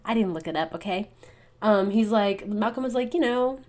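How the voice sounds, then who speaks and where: A woman's voice: medium pitch, moderate pace, a little mellow. A young woman co-hosting a podcast, recapping a novel in a casual, chatty way full of "like" and "um", and acting out the characters' lines. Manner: chatty, many fillers, acts out characters' lines. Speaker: podcast co-host. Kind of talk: casual book recap chat. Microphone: podcast mic over online call.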